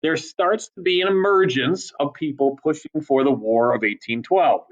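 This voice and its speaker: A man teaching a history class in a casual, chatty lecture style, with many ums and quick asides. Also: fairly high pitch, muffled recording.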